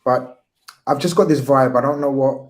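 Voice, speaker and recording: A man's voice: mid-range voice, normal speed, a little hiss or hum. A man hosting a football call-in stream, tired and winding down after hours on air. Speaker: host. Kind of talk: casual football call-in chat.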